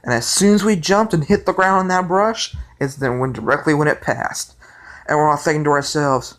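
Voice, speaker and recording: Excitable young man telling a story. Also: a little high, moderate pace. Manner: rambling, excitable, many restarts. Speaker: vlogger. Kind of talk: casual storytelling.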